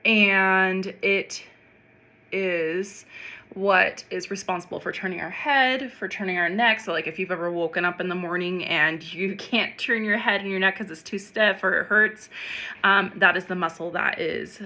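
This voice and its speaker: A middle-aged woman voice teacher gently explaining a neck stretch and vocal warm-up, chatty and full of fillers. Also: medium pitch, moderate pace. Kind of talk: instructional vocal warm-up demonstration.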